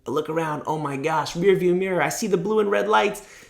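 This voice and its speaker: A man who is a rabbi, telling a story in an animated, storytelling talk and breaking into excited shouts. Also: sits high, brisk, creaky.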